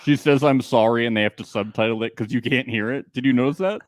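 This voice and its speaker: Guy cohosting a tv recap podcast, jokey, laughs a lot, dry close mic, middle pitch. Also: fast, no echo. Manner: joking, laughs often, acts out quotes. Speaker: podcast co-host. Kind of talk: casual reality TV recap chat.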